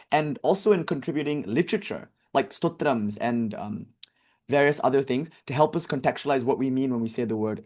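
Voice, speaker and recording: A man's voice: mid-range voice, darkish tone. Man teaching scripture, chanting mantras. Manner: chants mantras slowly between explanations; thoughtful, with fillers and self-corrections. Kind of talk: lecture on scripture.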